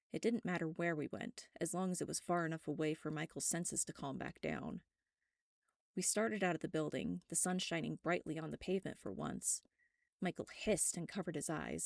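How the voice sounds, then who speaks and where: A woman reading a first-person web serial aloud, steady and wry. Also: fairly low pitch, gravelly, no echo, clean studio sound. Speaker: narrator.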